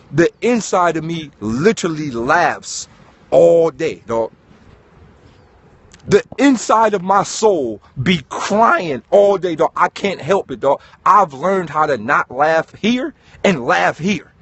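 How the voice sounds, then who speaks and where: A man giving an animated, preachy motivational talk, swearing and calling listeners dog. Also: on the high side. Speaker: host.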